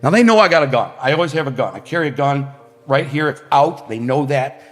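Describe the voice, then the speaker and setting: A podcast guest from Detroit, United States, tells a street story in vivid slang, acting out the scenes with sound effects. His mid-range voice is animated and a little fast, and the recording has a long hall reverb with faint music in the background.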